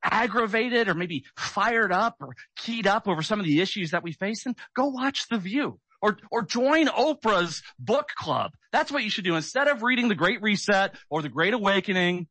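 A man's voice: high voice, animated, normal speed, few pauses, bright, forceful tone, breathy edge, dry recording. Guy hosting talk radio, all fired up and sarcastic, tense punchy voice, dry mic. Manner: agitated, sarcastic, keyed up.

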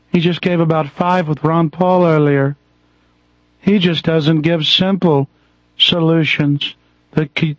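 A man hosting a talk radio show, ranting aggressively and loudly. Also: fairly high pitch, no room sound, highs cut off. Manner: aggressive, loud, fast-talking rants.

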